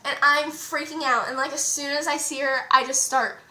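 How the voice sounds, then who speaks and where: Bright, high-voiced excitable teen girl. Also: normal speed. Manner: excitable, rambling with lots of "like". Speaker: vlogger. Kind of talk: casual storytime vlog. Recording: echoey room.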